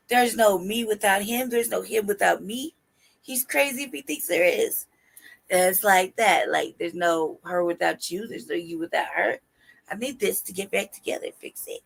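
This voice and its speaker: Gravelly woman in playful trash talk. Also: lowish voice, moderate pace. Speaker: co-host of a live stream talk show. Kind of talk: casual live-stream chat.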